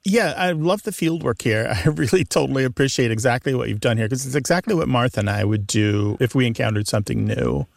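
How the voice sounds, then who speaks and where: A male radio co-host gives enthusiastic explanations about language. His voice sits at a middle pitch with a gravelly edge, and it sounds close and dry, as if he is in a studio. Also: fairly quick, few pauses, dry recording. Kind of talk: explaining on a call-in radio show.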